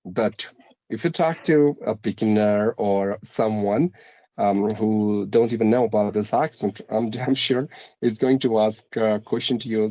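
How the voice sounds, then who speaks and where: A man with a mixed Indian, American and British English accent, speaking in a measured, explanatory way with frequent pauses and restarts in a casual conversation. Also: fairly low pitch, fairly even intonation, dark tone, no room sound, lo-fi sound.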